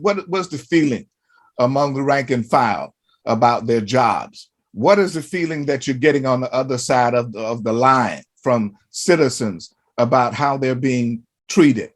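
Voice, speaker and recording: A man hosts a conversational interview in a mid-pitched, everyday voice. He asks long, meandering questions, restarting phrases and leaning on fillers as he goes. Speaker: host.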